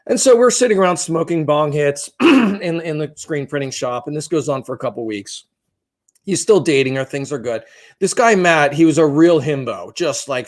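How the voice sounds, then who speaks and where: A man in his fifties co-hosting a podcast, telling a long story in a rambling, profane, self-deprecating way. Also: a little high. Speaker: podcast co-host.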